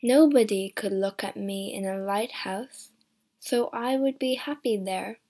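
A woman voicing a gentle, shy, deformed young man who speaks in a strange, slow voice. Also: mid-range voice. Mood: gentle, resigned.

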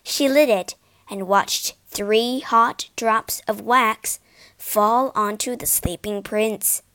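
A woman reads a fairy tale aloud as narrator. Her pace is slow and careful, and her slightly high voice stays expressive. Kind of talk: storybook read-aloud.

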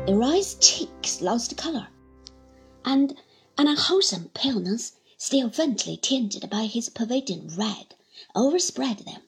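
Expressive woman reading a classic novel. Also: on the high side, creaky. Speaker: audiobook reader. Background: soft background music.

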